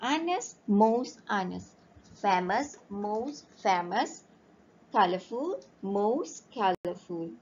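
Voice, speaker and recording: A woman teaching a recorded primary-school English grammar lesson, slowly spelling out words letter by letter. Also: medium pitch, lively intonation, a little hiss or hum. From Malaysia. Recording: dull lo-fi home recording.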